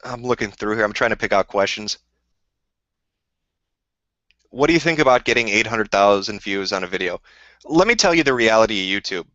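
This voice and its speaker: On a casual live stream, an animated man with a lowish, slightly bright voice talks fast while answering viewer questions. His rant is rambling, profane and combative, captured in dull lo-fi dry sound with no echo.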